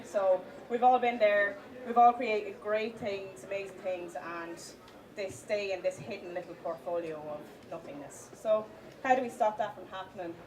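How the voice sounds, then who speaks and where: A woman giving a live conference talk, with many fillers and restarts, stressing the points of a list slowly. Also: mid-range voice, fairly even intonation, darkish tone. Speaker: conference speaker. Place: conference hall with audience. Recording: distant mic, audience in hall.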